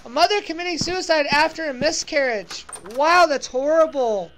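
Woman, high voice, horror game commentary, reactive, faint noise behind. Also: moderate pace, a bit bright. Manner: reactive, sympathetic, swearing in fright. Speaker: let's play gamer.

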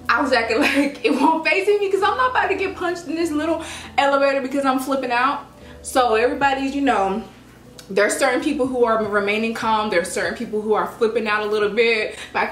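A young woman vlogger telling a story in a casual, dramatic, animated way. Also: on the high side, a little hiss or hum. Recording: echoey room with faint music.

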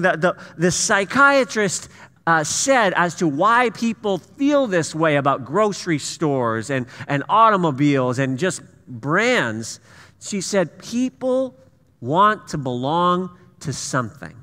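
Bright-voiced male pastor, sermon in hall. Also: on the high side. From US Pacific Northwest. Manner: conversational storytelling with self-deprecating humor. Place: church sanctuary. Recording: church hall reverb.

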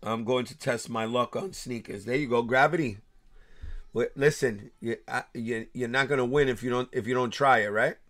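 A man hosting a casual sneaker livestream, heartfelt and restarting his words as he gives viewers shout-outs. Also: medium pitch, normal speed. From New York.

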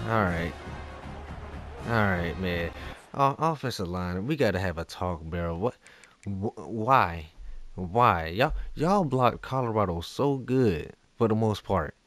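A man giving live commentary over his own gameplay as a YouTuber, ranting in exasperation and swinging between muttering and shouting. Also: on the low side, animated, slow pace, dry recording, soft background music. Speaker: gaming YouTuber.

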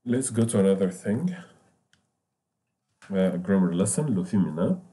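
A man with Arabic as his first language, teaching a French lesson for newcomers in English, patient and repetitive, spelling words out slowly. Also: low-pitched, animated, mellow.

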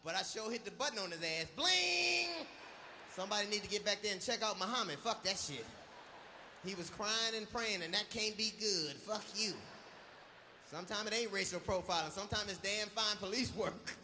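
A male comedian doing a loud, profane, punchy live stand-up routine. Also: high-pitched, a little fast, slight background noise.

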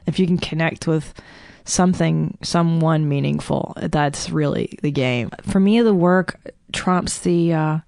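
Gravelly, low-voiced woman talking frankly. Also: steady tone, normal speed, a little mellow, no room sound, studio quality. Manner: frank, self-deprecating, swears freely. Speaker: podcast guest. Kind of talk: candid conversation.

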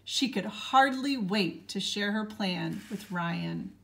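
A woman narrating a children's storybook aloud with a clear, gentle storytelling delivery. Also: mid-range voice, animated, slow, a little hiss or hum.

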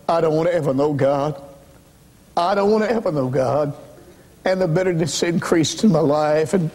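An older evangelist tells his own testimony in a folksy, storytelling way. His voice sits a little high for a man. It rings out with a long reverb, as if recorded in a large church hall. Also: a little mellow. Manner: folksy storytelling, rising to impassioned cries. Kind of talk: testimony sermon.

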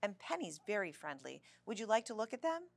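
A woman reading the lines of an eager, chatty young girl who loves animals, in a bright and eager way. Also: mid-range voice, sing-song, brisk, gravelly, no room sound, voice pushed up.

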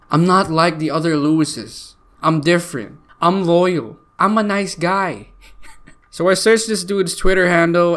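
Guy reading tweets out and roasting them, kinda high voice, sarcastic, laughs a lot. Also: a bit bright. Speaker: video host. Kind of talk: comedic commentary on tweets.

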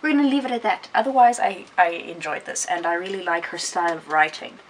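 A woman's voice: lowish voice, quick pace, recorded from a distance, rough recording. A woman chats her way through a casual bookshelf tour vlog, rambling and correcting herself as she goes. Her voice sits a little back from the camera mic in a room at home. A faint hiss runs underneath. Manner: chatty and rambling, with self-corrections. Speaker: vlogger.

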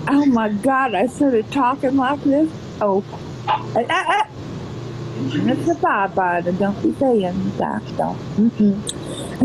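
Put-on Southern church lady, woman doing it, slow drawl, pious scold, noisy stream. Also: a little high. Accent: put-on American Southern. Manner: slow drawl, scolding, sing-song "mm-hmm"s. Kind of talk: mocking impression on a live stream.

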